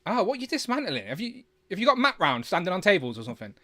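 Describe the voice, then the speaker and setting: Guy with a bit of a lisp hosting a chill stream, talks fast, highish voice. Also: huge pitch swings, sharp tone. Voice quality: slight lisp. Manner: chatty, jokey, quick to laugh. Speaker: livestream host. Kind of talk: casual live chat with guests.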